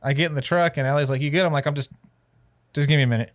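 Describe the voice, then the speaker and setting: A man's voice: fairly high pitch, racing. A man co-hosting a podcast, telling a story casually in a studio, swearing often and filling his talk with "like". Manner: profane, filler-heavy, animated retelling. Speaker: podcast co-host.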